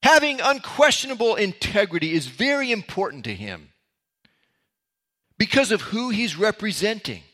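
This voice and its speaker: A man's voice: high voice, very animated, normal speed, bright, forceful tone. A man preaching a sermon, reading verses aloud and explaining them with casual asides. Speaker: pastor.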